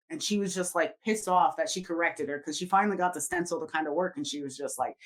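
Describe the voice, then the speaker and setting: Woman, podcast co-host, lowish voice, rambling casual storyteller who swears a lot. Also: quick pace, hardly any pauses. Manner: rambling, filler-heavy, swears freely.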